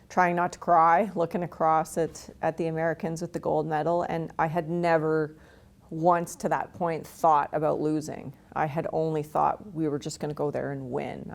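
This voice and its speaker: A woman's voice: low-pitched, creaky. A woman in her forties from Canada, a retired hockey player telling stories frankly and laughing at herself in an interview. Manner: frank, self-deprecating, laughs often. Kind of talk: candid interview storytelling.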